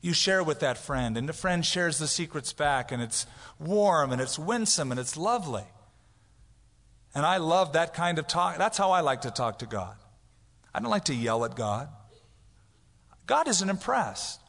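Pastor preaching in a reverberant church. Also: male voice, on the high side, a little slow, vocal fry. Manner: conversational, animated, acts out prayers. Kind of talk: expository sermon.

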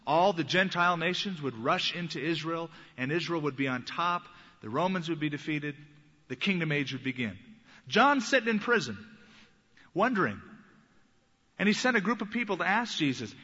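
Bright-voiced man preaching in a hall. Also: a little high, muffled recording. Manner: earnest teaching tone, slows down for quoted scripture. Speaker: pastor. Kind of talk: sermon.

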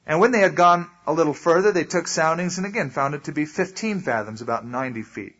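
A male pastor teaches a sermon in a loose, conversational way, stopping often to explain. His voice is a little high and husky. The recording has a dull, lo-fi sound. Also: fast talker, a bit bright. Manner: conversational, explains with asides and acted quotes. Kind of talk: sermon, verse-by-verse Bible teaching.

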